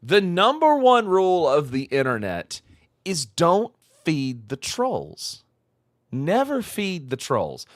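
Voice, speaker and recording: A man's voice: a little high, huge pitch swings, slow, dry recording, clean studio sound. A man streaming a live reaction, mocking a clip with profane, repetitive commentary. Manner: mocking, profane, repeats phrases for emphasis.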